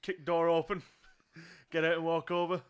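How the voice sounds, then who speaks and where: A man playing a tabletop game, relaxed and laughing in casual banter. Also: a little high, normal speed, smooth. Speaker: player.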